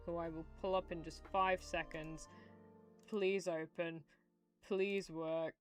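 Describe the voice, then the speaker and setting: A woman's voice: lowish voice, measured pace, faint music behind. A young woman streaming from home, rambling and giggling as she chats, swearing freely. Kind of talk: casual livestream chat while drawing.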